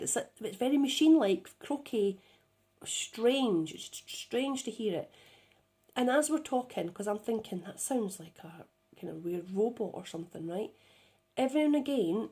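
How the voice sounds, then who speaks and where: A woman's voice: medium pitch, warm tone. A woman telling a spiritual experience in a casual, chatty way, often checking in with "right?", recorded on a phone. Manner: chatty, with frequent "right?" tag questions. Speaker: spiritual channeler.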